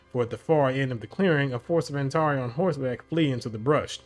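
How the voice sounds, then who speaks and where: A man reading an interactive adventure story aloud, narrating at a measured pace and often stumbling and correcting himself. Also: mid-range voice. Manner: measured narration with frequent slips and self-corrections.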